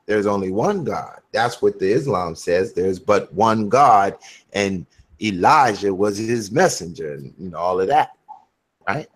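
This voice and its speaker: Slow, deliberate man explaining scripture. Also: lowish voice, animated, slightly rough. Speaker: host. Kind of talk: casual religious discussion.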